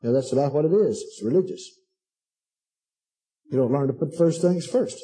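A man's voice: a little high, animated, moderate pace, warm tone, slightly rough. A man preaching a sermon, reading scripture aloud and repeating his points emphatically with sudden asides.

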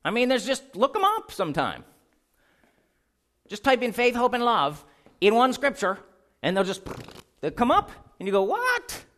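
A man's voice: very high-pitched, big pitch swings, moderate pace, long pauses, a bit bright. A man preaching a sermon, reading scripture aloud and putting questions to his congregation.

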